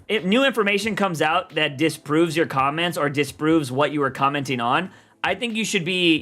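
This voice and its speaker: A young man rambling in loose, slangy, animated talk as he chats on his livestream about comics. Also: fairly high pitch. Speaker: streamer and comic podcast host. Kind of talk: casual livestream chat.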